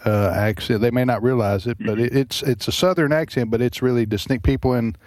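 A man's voice: medium pitch, fairly quick, a little mellow, no room sound. A man hosting a radio talk show, rambling and chatty, poking fun at himself. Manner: rambling, chatty, self-deprecating. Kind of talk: casual radio chat. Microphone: studio microphone.

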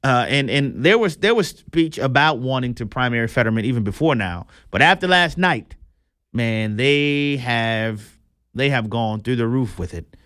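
A man's voice: mid-range voice, expressive, moderate pace, fairly bright tone, smooth, dry recording, clean studio sound. A man hosting a political commentary show, talking in a chatty, amused way.

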